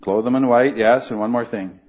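Male Bible study teacher, mid-pitched, earnest, quizzes the class, muffled lo-fi recording. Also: fairly even intonation, moderate pace. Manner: earnest, questioning the class, frequent restarts.

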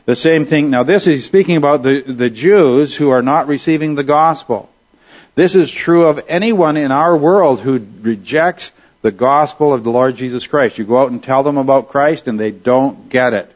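A man's voice: mid-range voice, normal speed. Earnest preaching man, dull lo-fi sound. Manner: earnest, conversational preaching with rhetorical questions. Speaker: pastor. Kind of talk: sermon.

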